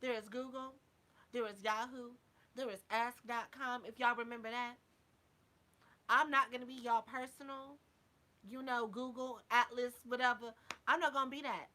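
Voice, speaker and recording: A woman's voice: a little high, fairly even intonation, moderate pace, pushed and bright. A woman vlogger talking casually to her viewers, sassy and blunt with heavy swearing, a little drunk. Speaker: YouTube vlogger. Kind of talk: casual live chat to viewers.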